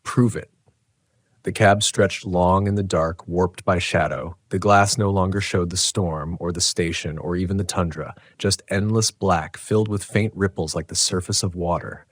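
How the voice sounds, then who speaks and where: Deep-voiced man narrating horror. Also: fairly even intonation, dry recording. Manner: tense, dramatic, measured. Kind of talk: first-person horror story narration.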